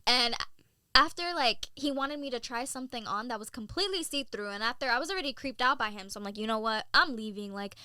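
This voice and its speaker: Woman, 20s, podcast guest, animated storyteller, bright, slightly high. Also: clean tone, no room sound, studio quality. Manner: animated storyteller, many "like"s and quick laughs. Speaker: model and content creator, guest. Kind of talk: casual interview chat.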